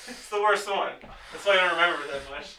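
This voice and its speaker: A man's voice: high voice, a little fast, pushed and bright, far from the mic, a little hiss or hum. A man who is a podcast guest, chatting in a laid-back way and laughing often. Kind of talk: casual chat. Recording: echoey room, off-mic.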